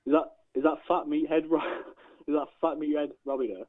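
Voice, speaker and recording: A man's voice: fairly high pitch, steady tone, normal speed. A male caller trolling a live show over the phone, mumbling taunts in a casual, rude way. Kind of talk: prank phone call. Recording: tinny phone line.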